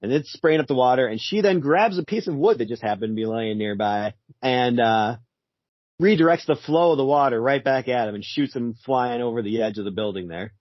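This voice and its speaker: A man's voice: medium pitch, animated, brisk, dry recording. A man co-hosting a podcast, retelling a comic in an easygoing way, full of "like" and "uh". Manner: easygoing, filler-heavy, laughing often. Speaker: podcast co-host. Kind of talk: casual chat retelling a comic. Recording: dull, dry, lo-fi.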